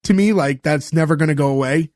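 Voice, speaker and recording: A man's voice: a little high, fast talker, a little mellow, no room sound, clean studio sound. A man hosting a podcast in casual chat, rambling as he leads the recap of the episode. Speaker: podcast host.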